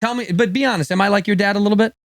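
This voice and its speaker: A man's voice: high-pitched, fairly even intonation, rapid-fire, dry recording. A man, a comedian guest, teasing relentlessly in a mock-serious tone during casual podcast banter.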